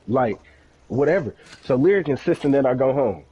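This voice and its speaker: A man's voice: medium pitch, lively intonation, normal speed, dark tone, slightly rough, highs cut off. A young man on a game stream, casually telling a long, profane story and acting out the quoted dialogue.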